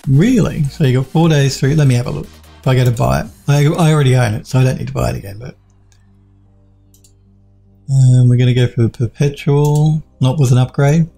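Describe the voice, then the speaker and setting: Gravelly, husky-voiced man chatting on stream. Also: medium pitch, a little fast, dark tone, soft background music. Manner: reads out chat messages and answers them, with many fillers and restarts. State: losing his voice, coughing. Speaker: game developer streaming live. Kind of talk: casual live-stream chat while working.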